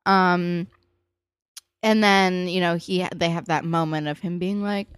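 Chatty low-voiced woman recapping a show. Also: fairly even intonation, unhurried, clean tone, no echo. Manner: chatty, filler-heavy, jumps into higher voices for quoted characters. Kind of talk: casual TV episode recap.

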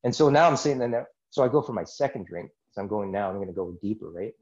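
As a podcast guest in a casual interview, a man earnestly recounts a personal experience, rambling with many asides. He talks fast in a lowish, expressive, darkish voice, and the sound is lo-fi.

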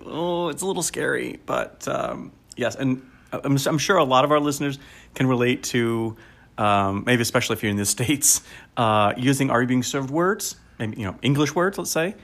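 A man in his forties co-hosts a casual podcast. He is lively and laughs often, and his chat is full of ums and uhs. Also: mid-range voice, normal speed, creaky. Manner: lively and laughing, with many fillers. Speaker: podcast co-host.

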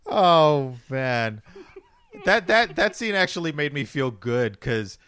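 A man's voice: a little high, sing-song, slow, a bit bright, clean tone. An American man chatting easily about a film, reflective and chuckling now and then. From United States. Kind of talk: casual film discussion.

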